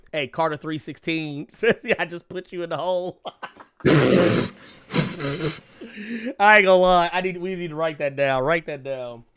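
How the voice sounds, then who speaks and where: A man's voice: fairly high pitch, a little slow, pauses often, smooth. A man co-hosting a casual live comic-book podcast, joking in AAVE and laughing often while reading viewer messages. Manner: laughs often, animated, slangy. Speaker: podcast co-host reading super chats. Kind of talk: casual comedic banter.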